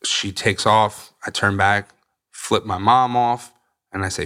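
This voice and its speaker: A man's voice: lowish voice, steady tone, slow, bright, forceful tone. A young man, a podcast guest, candidly telling his recovery story in a blunt, swearing way and acting out the people he quotes.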